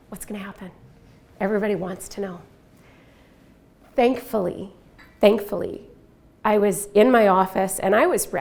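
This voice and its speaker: A middle-aged woman tells a story from her work in a presentation. Her voice has a gravelly edge at a mid pitch. She speaks candidly and reflectively and acts out the quoted lines. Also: darkish tone. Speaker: speaker giving a workplace culture presentation.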